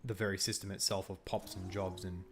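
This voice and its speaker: A man's voice: deep voice, level tone, a little fast, breathy edge. A young Australian man chatting casually while streaming a strategy game, laughing often and answering his chat. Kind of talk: casual gameplay commentary with chat.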